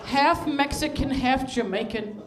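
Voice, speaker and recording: A woman comedian telling a stand-up story, with laughing asides and shouted punchlines. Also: high-pitched, unhurried, crowd noise.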